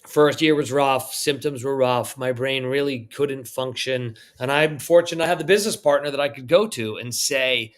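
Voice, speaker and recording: A man's voice: medium pitch, moderate pace, hardly any pauses. A man, a restaurant founder on a live panel, speaking in a conversational, reflective way.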